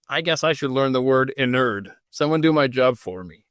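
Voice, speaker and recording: A man's voice: mid-range voice, expressive, moderate pace, fairly bright tone, no echo, clean studio sound. A man hosting a casual solo podcast, reading from notes and breaking off often to joke and riff. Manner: rambling and jokey, reading aloud and stopping to riff. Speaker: podcast host. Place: home studio.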